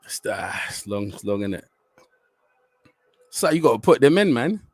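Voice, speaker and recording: A young man reacting live to a football penalty shootout, swearing, muttering tensely and then shouting. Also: mid-range voice, very animated, normal speed, dry recording. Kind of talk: live watch-along reaction.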